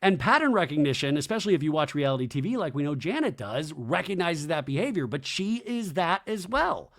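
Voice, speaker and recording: A male podcast host giving a comedic, profane TV recap in animated, rapid storytelling. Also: on the high side.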